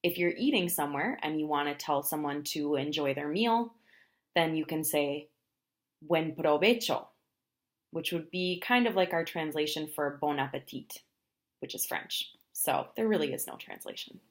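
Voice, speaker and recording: A woman teaching travel phrases in a language lesson, explaining each phrase and then saying it slowly, often twice. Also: deep voice, animated. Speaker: Spanish teacher.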